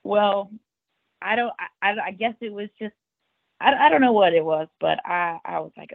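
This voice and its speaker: A woman's voice: mid-range voice, expressive, normal speed, vocal fry, no echo. A woman guest on a podcast, telling a story in the first person in an earnest, emotional way, with tumbling restarts. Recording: tinny phone-like line, dry.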